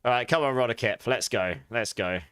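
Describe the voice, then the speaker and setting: A male game streamer chats loosely while he plays, greeting viewers and laughing a lot. His mid-range voice is brisk, smooth, and fairly bright, captured close-up and dry with no echo.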